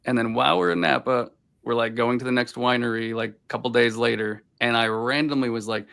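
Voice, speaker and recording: A man's voice: mid-range voice, fairly even intonation, fairly quick, creaky, fairly bright tone. A man from Boston, a voice actor guest, telling rambling anecdotes in a casual interview over a video call. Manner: rambling anecdotes full of filler "like".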